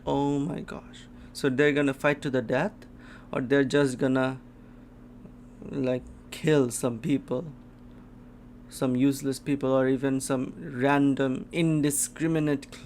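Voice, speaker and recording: A man reacting live to a comic chapter, reading it aloud with gasps and sudden exclamations as he thinks out loud. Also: medium pitch, little pitch movement, measured pace, pauses often, a little hiss or hum. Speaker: manga reaction host.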